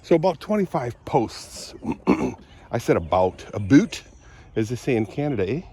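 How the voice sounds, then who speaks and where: A man of middle pitch with a lingering cold, rambling outdoors about his farm in a casual walk-and-talk vlog. He keeps clearing his throat and coughing between loose, chatty asides, recorded on a handheld camera out in the open air. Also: sing-song, normal speed, dark tone. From Southwest Michigan. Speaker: vlogger.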